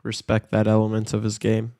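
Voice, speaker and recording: A man's voice: fairly low pitch, brisk, dry recording, clean studio sound. Casual man chatting over a hockey game. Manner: loose banter with sudden excited outbursts. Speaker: podcast co-host. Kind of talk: casual live game-watch chat.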